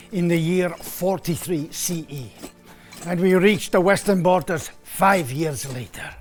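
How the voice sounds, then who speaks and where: A man playing a weary, homesick Roman foot soldier in a put-on Italian accent, telling his story theatrically in an educational drama. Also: fairly high pitch.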